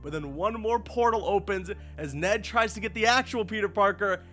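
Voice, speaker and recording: A young man reviewing a movie, gushing and excitable, his voice climbing with hype. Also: high voice, normal speed, soft background music. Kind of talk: enthusiastic spoiler review.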